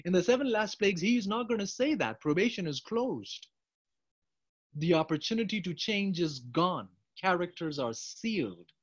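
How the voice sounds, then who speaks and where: A man preaching a sermon, emphatic, swinging between loud urgent appeals and quiet asides. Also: high voice, very animated, normal speed. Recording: dull, lo-fi sound.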